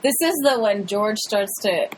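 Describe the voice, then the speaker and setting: A woman co-hosting a movie podcast in casual chat, animated, acting out characters' lines in a raised voice. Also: medium pitch, unhurried, a little hiss or hum, rough recording. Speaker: podcast co-host.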